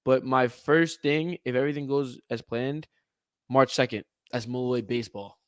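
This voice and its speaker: A man co-hosting a casual sports podcast, excitable and prone to loud outbursts. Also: mid-range voice, normal speed, smooth, dry recording, poor audio. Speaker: podcast co-host.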